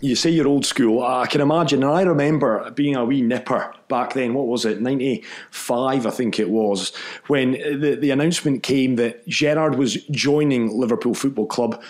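A man's voice: medium pitch, moderate pace, a little mellow. Male co-host, casual, prompting questions. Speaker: podcast co-host, interviewer. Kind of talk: casual interview chat.

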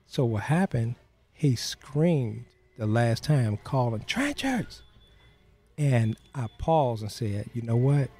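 A man's voice: medium pitch, a little slow, mellow. A man being interviewed as a guest, telling a personal story in an earnest, plain-spoken way and acting out the voices of people in it.

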